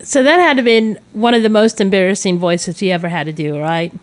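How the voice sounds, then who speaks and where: A woman's voice: mid-range voice, a little fast. Female radio co-host, casual interviewer, friendly, conversational. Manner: friendly, conversational, trails off while recalling.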